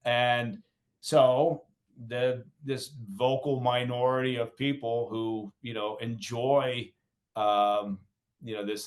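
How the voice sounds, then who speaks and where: A man as a podcast guest, speaking with dry sardonic humor and many fillers. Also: mid-range voice. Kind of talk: conversational interview.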